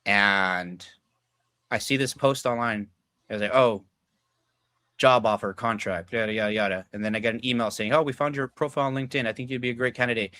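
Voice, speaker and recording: A young adult man, guesting on a podcast, tells personal stories in a loose, profane, casual way, leaning heavily on filler words and acting out what people said. His mid-range voice is fairly quick, bright and forceful, with no echo.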